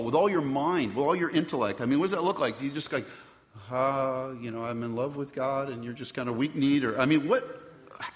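A middle-aged man preaching a sermon in a loose, conversational manner, often turning to his listeners with questions. His voice sits a touch high for a man. It rings out with a long reverb in a large church hall. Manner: conversational preaching with rhetorical questions and acted-out quotes. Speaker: pastor. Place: church sanctuary.

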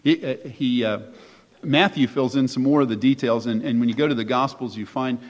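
Briskly and in a mid-range voice, a male pastor delivers a sermon in an echoey hall. His preaching is conversational and emphatic, peppered with rhetorical questions, and the recording sounds dull and lo-fi.

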